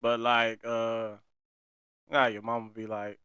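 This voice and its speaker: A man co-hosting a podcast, chatting casually and quietly in short remarks. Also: medium pitch, completely flat delivery, slow pace, smooth, dry recording, highs cut off. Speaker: podcast co-host.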